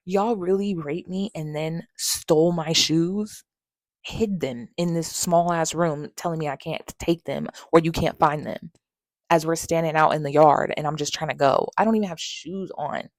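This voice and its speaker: A young woman with a lowish voice tells a painful personal story in a raw, candid way. She speaks frankly and swears freely. Her voice sits close and dry, with no room sound around it. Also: moderate pace, dry recording. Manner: frank, emotional, profanity-laced retelling. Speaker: podcast host.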